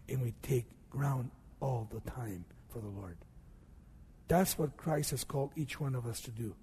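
A male preacher giving a sermon, swinging from hushed low passages to loud emphatic peaks and asking and answering his own questions. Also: husky. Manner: asks and answers rhetorical questions. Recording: long hall reverb.

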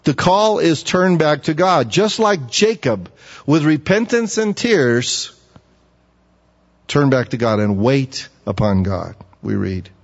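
A man preaching a sermon, asking his listeners questions and getting animated when he acts out a pleading voice. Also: slow pace, creaky. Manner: animated, rising high when acting out pleading; asks the audience questions. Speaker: pastor. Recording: dull, echoey hall.

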